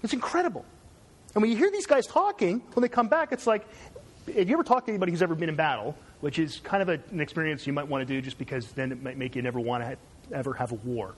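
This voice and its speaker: A man's voice: a little high, fast, husky. A man from Canada giving a conversational university lecture, digressive and checking in with "right?".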